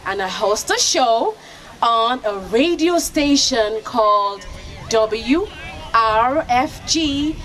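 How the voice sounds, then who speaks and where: A woman from Nigeria, a storyteller and radio host, telling a children's story with lively call-and-response. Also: sits high, poor audio. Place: outdoor festival kids' area. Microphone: handheld microphone. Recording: outdoor crowd noise in background.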